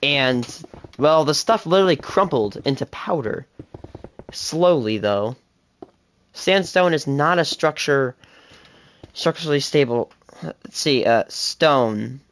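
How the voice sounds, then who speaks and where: Seventeen-year-old streamer, fast rambling self-talk, mid-pitched voice, live gameplay chatter. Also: lively intonation. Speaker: gaming livestreamer.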